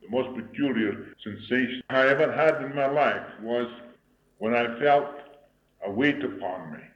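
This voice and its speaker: An older man preaching and telling a personal story in a solemn, measured way, with a troubled throat that he clears now and then. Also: medium pitch, a little hiss or hum. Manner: solemn, measured, deliberate delivery. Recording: dull lo-fi recording in an echoey room.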